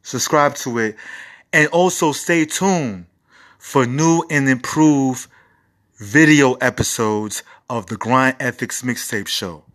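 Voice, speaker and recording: Man, forties, bright voice, casual music review host, rambling, swearing, hyped. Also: mid-range voice, slow pace. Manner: profane, rambling, enthusiastic. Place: home recording setup.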